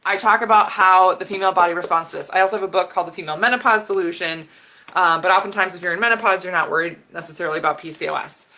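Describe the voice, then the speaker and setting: A woman health expert giving an animated talk on camera, getting fired up and laughing as she explains while sketching on a board. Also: lowish voice, racing. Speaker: women's health and hormone expert. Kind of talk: educational video talk.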